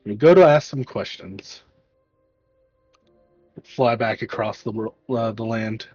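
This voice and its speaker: A man narrating a tabletop game as game master, in a casual, halting way with restarts. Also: fairly low pitch, darkish tone, slightly rough, no room sound, lo-fi sound, faint music behind.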